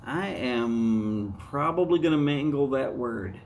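A man's voice: medium pitch, lively intonation, measured pace, a little hiss or hum. A man with a Southern US accent hosting a live cigar review, chatting to viewers in a folksy way. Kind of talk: casual live-stream talk.

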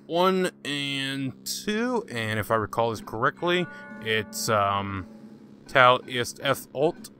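Sex: man. Role: let's-play host. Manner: sarcastic, joking. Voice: bright. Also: medium pitch, sing-song, slow pace, a little hiss or hum. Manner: joking, sarcastic, talks to game characters. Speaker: gaming channel host. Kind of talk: casual let's-play commentary.

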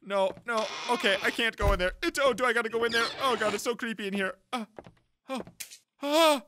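A man's voice: very high-pitched, fairly quick, background noise. A man doing horror game commentary, jumpy, screaming and laughing nervously. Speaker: gameplay video host.

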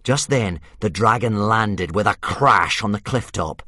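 A man narrating an audiobook with vivid, dramatic storytelling that drops to a hush in tense moments. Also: on the low side, expressive, measured pace, no room sound, clean studio sound.

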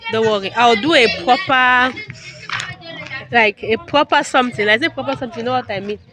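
A woman's voice: on the high side, a little fast, crowd noise. A young woman from Cameroon, a new mother, chatting casually to her phone camera as a vlogger while out on the street. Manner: chatty, addresses viewers as sisters. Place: outdoors on a street.

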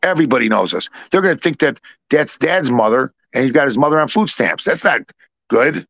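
A middle-aged man, a podcast co-host, rambles through a family story in casual chat, repeating himself and acting out both sides of the dialogue in the voices of the people involved. His mid-range voice is expressive, a little fast and a bit bright. The recording is lo-fi with no echo.

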